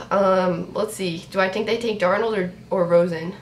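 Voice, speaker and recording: A young woman reacting to a sports draft on her vlog, chatty and excitable, talking to her viewers. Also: mid-range voice, normal speed. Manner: excitable, talks to viewers, repeats herself. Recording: roomy echo, faint background noise.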